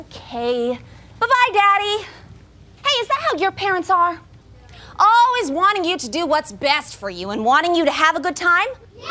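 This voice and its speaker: A woman's voice: extremely high pitch, sharp tone, slight background noise, heavily acted. A woman playing a bubbly, spoiled young princess who talks to the children in the audience at a live stage show. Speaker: children's theater performer.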